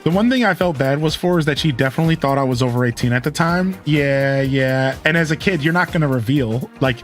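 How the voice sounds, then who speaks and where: A man's voice: a little high, a little fast, soft background music. Candid man in his thirties, game streamer. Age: 30s. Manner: candid, rambling storytelling with frequent restarts. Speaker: live streamer and show host. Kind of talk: casual chat while playing a game on stream.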